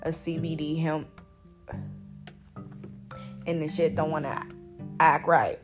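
A low-voiced woman hosting her own podcast, talking straight to her listeners as "y'all" with an American accent that drifts between northern and southern. She rambles along in a chatty, playfully boastful way over guitar music. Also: completely flat delivery, takes it slowly. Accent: American, mixing northern and southern. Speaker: podcast host. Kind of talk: casual solo podcast monologue.

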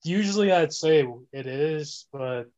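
A man in a casual movie discussion, relaxed and laughing easily. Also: fairly high pitch, a little slow, highs cut off.

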